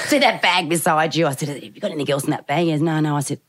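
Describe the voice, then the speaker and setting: A middle-aged Australian woman, a mother, telling lively stories in casual chat and acting out the people she quotes. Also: rumbling low, fast. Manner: lively storyteller, acts out quotes. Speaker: podcast guest, mother.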